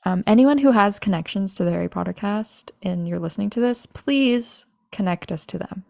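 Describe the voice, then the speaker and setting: A woman's voice: mid-range voice, normal speed, vocal fry, darkish tone, dry recording, clean studio sound. A young woman co-hosting a podcast, chatting casually and gushing like a fan. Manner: giggly, gushing fan talk. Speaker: podcast co-host. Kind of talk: casual chat.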